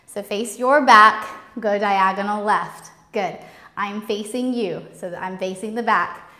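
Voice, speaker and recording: A woman's voice: medium pitch, measured pace, bright, forceful tone. A woman teaching a live-streamed belly dance class, counting steps and calling out cues in a bubbly way. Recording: roomy studio with music behind.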